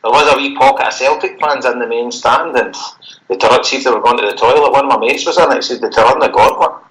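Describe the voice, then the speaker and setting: Bright-voiced Scottish man chatting football. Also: mid-range voice, rough recording. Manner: rambling, sweary, quick to laugh. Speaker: podcast co-host. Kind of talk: casual football chat.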